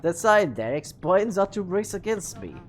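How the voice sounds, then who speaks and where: A woman's voice: on the low side, very animated, moderate pace. A woman voicing a prim male paper gatekeeper in a formal, pompous put-on British accent. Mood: haughty.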